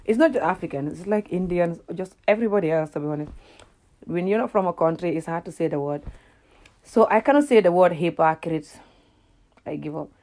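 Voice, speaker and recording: A Gambian woman whose native tongue is Wolof gives a casual reaction rant for her vlog in a lowish, darkish voice at a brisk pace. She tends to laugh at herself and repeats words as she reaches for what to say.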